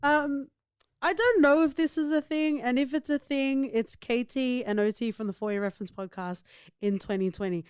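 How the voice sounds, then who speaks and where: Smooth, playful woman podcaster. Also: high-pitched, fairly even intonation, normal speed, no echo, clean studio sound. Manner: playful, teasing banter. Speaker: podcast co-host. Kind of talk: casual chat.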